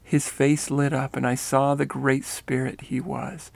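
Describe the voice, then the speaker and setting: A man reads a first-person story aloud, steady and earnest. His voice is gravelly with some fry, at a middle pitch for a man. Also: unhurried, dry recording.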